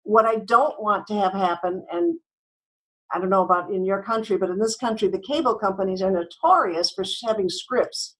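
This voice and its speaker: Brisk woman giving customer service tips. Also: medium pitch, low-quality recording. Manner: brisk, instructive, acts out sample phone calls. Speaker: guest, customer service trainer. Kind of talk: podcast interview.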